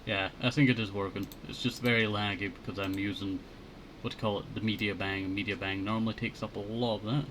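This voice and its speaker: A man chatting casually while drawing on a headset mic, thinking aloud in a low-key mutter. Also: level tone, a little fast, a bit bright, a little hiss or hum. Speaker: streamer.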